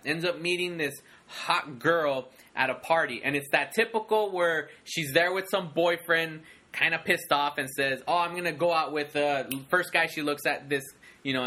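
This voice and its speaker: Excitable man rambling about a movie. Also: on the high side. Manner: rambling, excitable, many restarts. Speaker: podcast co-host. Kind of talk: casual movie review chat.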